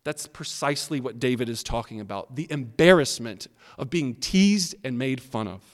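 A pastor preaching an expressive sermon that now and then speaks directly to the children. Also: male voice, medium pitch, moderate pace. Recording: long hall reverb.

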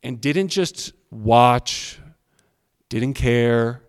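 A man's voice: mid-range voice, extremely slow, clean tone. Man preaching in a reverberant hall. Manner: expressive preaching, addresses kids directly. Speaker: pastor. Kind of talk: sermon.

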